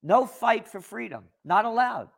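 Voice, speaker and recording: A man's voice: high voice, expressive, measured pace, creaky, a bit bright, voice pushed up, full character voice. Man mocking a pompous tyrant leader. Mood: domineering. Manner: barking, pompous.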